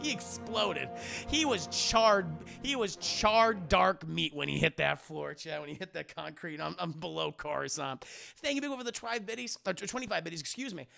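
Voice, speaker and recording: A man giving casual livestream film commentary, animated and profane, laughing often. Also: sits high, normal speed, gravelly, faint music behind. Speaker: live-streaming film reviewer.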